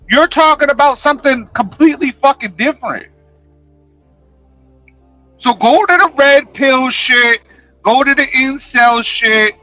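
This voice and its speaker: Man, livestreamer, profane confrontational rant, lively swooping pitch, dry close sound, faint background music. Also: no echo, poor audio. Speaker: livestreamer answering chat.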